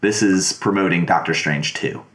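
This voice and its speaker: A man's voice: low-pitched, normal speed, a bit bright. A man co-hosting a podcast, chatting casually about a movie with a dry, teasing manner. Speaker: podcast co-host.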